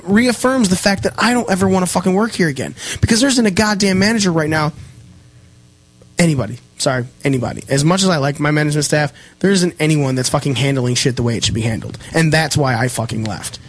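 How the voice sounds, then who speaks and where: A man's voice: on the high side, fast, dry recording. A young man telling a heated, profanity-filled story on a casual podcast. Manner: heated, swears constantly, animated retelling.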